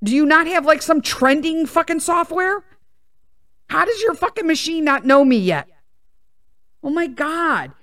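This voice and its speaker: A woman's voice: sits high, expressive, measured pace, pauses often, a bit bright. A woman hosting a podcast, telling a story as a heavily profane, exasperated rant. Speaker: podcast host.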